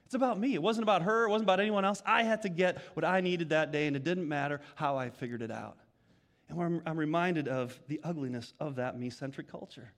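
Male pastor, middle-aged, high-pitched, conversational sermon storyteller. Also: fairly quick, big-room sound. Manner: conversational storytelling with many restarts.

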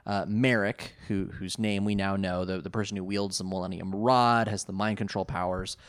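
A man with a lowish voice talks through an episode recap in a loose, rambling way, leaning on fillers and little laughs. The recording is dry and close, with no room sound. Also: fairly even intonation, moderate pace, clear, resonant tone, dry recording. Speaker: podcast co-host. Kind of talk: casual chat recapping an anime.

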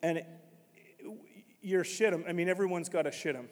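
Man, pastor, sermon, emphatic shouts, higher voice, long church-hall reverb. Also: moderate pace. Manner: preaching with sudden loud emphatic shouts.

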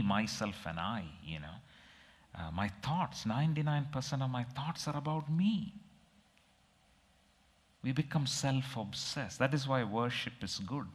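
Middle-aged male preacher, slow and low, reflective and emotional, in a reverberant hall. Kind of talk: sermon with personal story.

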